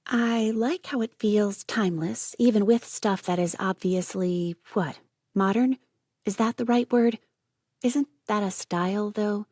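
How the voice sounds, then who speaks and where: A woman reading an audiobook, voicing a chatty, excitable young woman who rambles on in run-on bursts. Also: medium pitch, unhurried, no echo, studio quality, voice pushed up, lightly acted. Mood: gushing.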